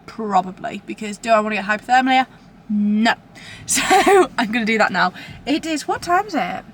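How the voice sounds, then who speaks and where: A woman's voice: medium pitch, expressive, moderate pace, a bit bright, slight background noise. A young woman with a British accent, chatting casually to camera in a rambling, self-deprecating way. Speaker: vlogger. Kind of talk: casual vlog chat to camera.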